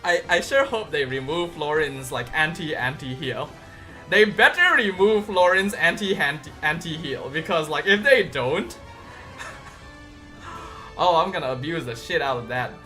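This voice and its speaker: A game streamer reviewing patch notes live, voice bright and sharp, pitch bouncing all over as excitement spills into shouted exclamations. Soft music plays faintly in the background. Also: a little slow. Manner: excitable, bursts into loud exclamations.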